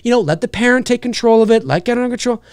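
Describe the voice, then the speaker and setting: A man's voice: very high voice, very fast, smooth, dry recording, studio quality. A man hosting a live show, ranting casually and acting out little scenes, with a swear here and there. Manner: animated, acts out scenes, swears. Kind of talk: casual livestream rant.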